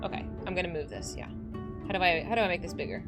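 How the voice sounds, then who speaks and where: A woman's voice: lowish voice, very fast, over loud music. A woman streaming a video game, chatting casually with viewers, giggly and emotional, often laughing through tears, with many restarts. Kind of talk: casual livestream chat while gaming.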